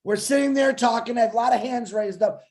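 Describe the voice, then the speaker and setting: A man co-hosting a webinar over a video call, telling stories in a lively, joking way. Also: very high voice, fast, creaky. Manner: animated, joking storyteller. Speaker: webinar co-host. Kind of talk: casual webinar storytelling.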